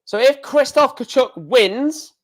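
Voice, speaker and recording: A man's voice: extremely high pitch, animated, slow. A man hosting a darts live stream, reading out scores in a chatty, exclamatory way with mild swearing.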